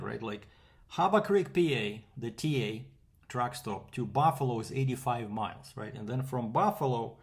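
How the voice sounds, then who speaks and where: A man's voice: mid-range voice, vocal fry. A man from Canada, a freight broker, telling a rambling casual story with fillers and quoted back-and-forth.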